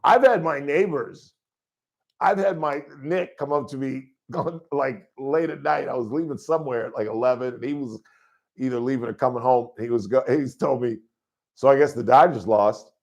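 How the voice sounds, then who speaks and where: A middle-aged man hosting a call-in sports radio show in a studio, talking loudly and rambling through stories. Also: medium pitch, normal speed. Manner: loud, rambling, animated storytelling.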